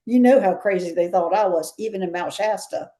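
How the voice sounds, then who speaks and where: A woman's voice: medium pitch, brisk, mellow. A woman with a Southern US accent, a guest chatting and telling stories in an interview, often laughing. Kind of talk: casual interview storytelling.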